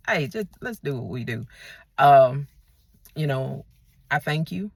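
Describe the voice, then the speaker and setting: A woman's voice: extremely low pitch, animated, slow pace, pauses often, darkish tone, husky, no echo. A woman vlogger delivering a ranting monologue to her viewers, emphatic and repeating herself as she restarts her sentences.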